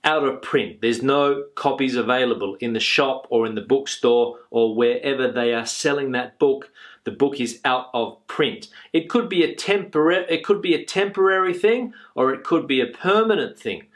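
A man's voice: mid-range voice, moderate pace, a bit bright. Patient man teaching an English lesson. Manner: patient, repeats each phrase with uh fillers.

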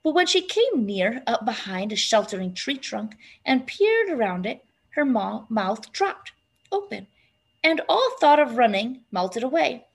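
A woman narrating a storybook aloud in an expressive, lively storytelling manner. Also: fairly high pitch, measured pace, husky. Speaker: reader.

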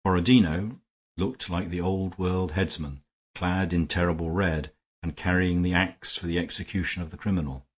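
Deep-voiced male audiobook narrator. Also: husky. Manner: measured, steady reading. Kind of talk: scripted narration.

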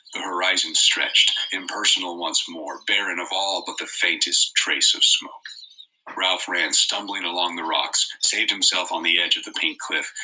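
A man reading a novel aloud in a steady, measured narration. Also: low voice, low-quality recording. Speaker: reader.

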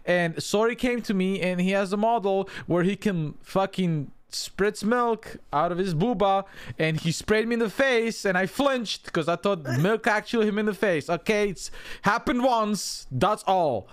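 A man hosting a casual stream chat, talking loudly, swearing and defending himself. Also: sits high, normal speed, smooth. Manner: loud, swears a lot, defensive. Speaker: streamer host.

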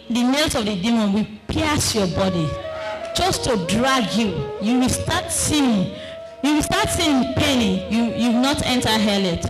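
A woman's voice: a little high, low-quality recording. A woman giving an emotional spoken testimony, impassioned and crying out at times. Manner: impassioned, cries out and shouts at times. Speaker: testimony speaker. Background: music.

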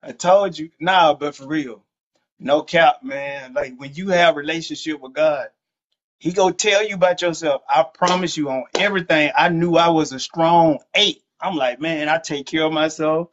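A man's voice: on the high side, normal speed, highs cut off. A man hosting a faith podcast, chatting in a laid-back, joking, slangy way. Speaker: host.

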